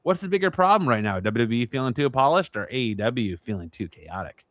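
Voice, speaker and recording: A man's voice: medium pitch, expressive, fairly quick, fairly bright tone. A man hosting a casual wrestling talk panel, playful and running the segments. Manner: playful, reads segment intros. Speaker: podcast host.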